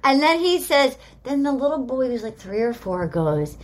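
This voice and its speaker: A woman co-hosting a podcast, chatting casually and retelling scenes with lively quoting. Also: fairly high pitch, moderate pace, few pauses. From Australia. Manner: animated storyteller, quotes people in a lively way. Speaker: podcast co-host. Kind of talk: casual chat recapping a reality show.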